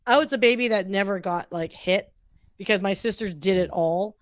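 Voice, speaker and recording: A woman's voice: mid-range voice, moderate pace, no echo, studio quality. An American woman co-hosting a casual livestream chat, talking on a stand mic, chatty with frequent fillers and laughs. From United States. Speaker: co-host.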